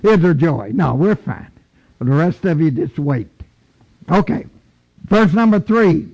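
A man preaching a sermon slowly and emphatically, repeating key phrases and booming when he reads scripture aloud. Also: animated, vocal fry, darkish tone, dull audio.

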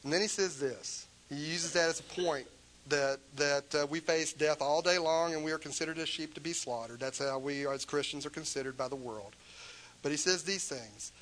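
A man's voice: on the high side, normal speed, pushed and bright, poor audio. A man preaching a sermon in an impassioned, emphatic way, pressing his points with rhetorical questions.

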